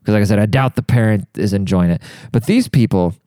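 A man's voice: fairly low pitch, fast, mellow, no room sound, studio quality. A young man telling a crude, rambling comedic rant, heavy on swearing and fired up. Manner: profane, rambling, fired-up, says dude a lot. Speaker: monologue speaker.

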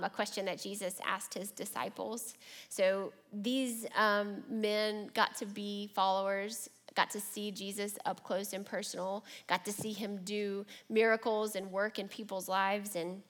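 A woman preacher giving a reflective, measured sermon and reading scripture aloud. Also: medium pitch, a bit bright.

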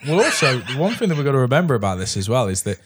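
Lively-voiced man sharing film trivia. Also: mid-range voice, very fast, slightly rough. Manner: chatty, tells film trivia with wry jokes. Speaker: podcast co-host. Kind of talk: casual comedic chat about films.

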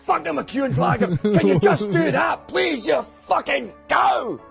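A man acting out a high, gravelly Scottish man who keeps cursing as his patience runs out. The sound is dull and lo-fi, with faint music underneath. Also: sing-song, measured pace, fairly bright tone, heavily acted. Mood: furious. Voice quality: gravelly, swearing. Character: foul-mouthed Scottish man losing patience.

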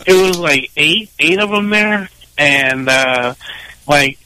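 A man, a comedian calling in to a radio show, chatting casually with drawn-out, laughing exclamations. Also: a little high, lively intonation, bright, forceful tone, clear, resonant tone, no room sound, poor audio.

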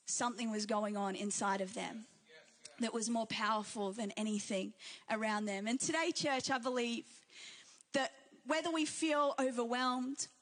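A young woman with an Australian accent delivers an emphatic sermon. Her voice sits high, and she repeats her main phrases to drive them home. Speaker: pastor.

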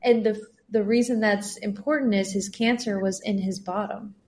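A woman guest on a podcast, telling personal stories in an earnest, sometimes animated way. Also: medium pitch, normal speed. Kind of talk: casual podcast conversation.

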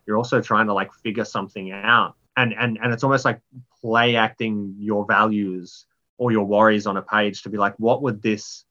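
Rambling man telling stories, lo-fi sound. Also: moderate pace. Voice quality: rambling, lots of "like" fillers. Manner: animated storyteller, jumps pitch for inner voices. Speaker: writer, interview guest. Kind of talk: casual conversational interview.

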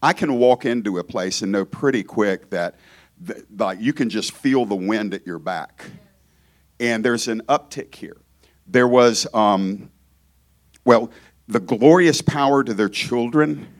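Man, from Georgia, guest preacher in a church, lowish voice, casual joking sermon. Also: unhurried. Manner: conversational, joking, self-interrupting. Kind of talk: informal sermon.

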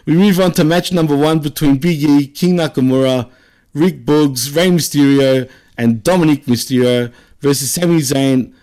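A man's voice: mid-range voice, a little mellow. Laughing Australian man recapping wrestling. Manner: laughs often, tags lines with "right?". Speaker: podcast co-host. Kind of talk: casual wrestling recap chat.

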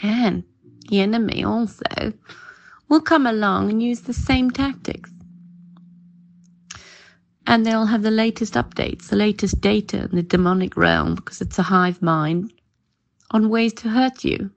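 A woman's voice: medium pitch, animated, measured pace, gravelly, pauses often, highs cut off. A middle-aged woman giving an informal, chatty home sermon in an earnest tone, often calling things amazing. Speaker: preacher.

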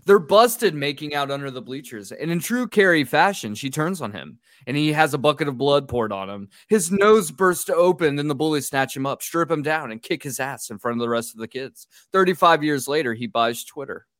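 A man's voice: on the high side, normal speed, few pauses, no room sound, studio quality. A man hosting a podcast, recapping a horror film with sarcastic, profane asides. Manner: sarcastic, profane, animated quoting. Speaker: podcast host.

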